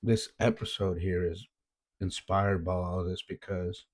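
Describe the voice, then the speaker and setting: A man's voice: low-pitched, steady tone, unhurried, husky. A man who coaches youth baseball and hosts a podcast, telling stories in a laid-back, earnest way and often saying "man". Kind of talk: casual reflective storytelling.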